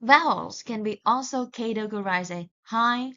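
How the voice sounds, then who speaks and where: A woman teaching English pronunciation in a recorded lesson, speaking slowly and deliberately and correcting herself along the way. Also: fairly high pitch, pushed and bright. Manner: slow and deliberate, with self-corrections. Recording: dull lo-fi sound.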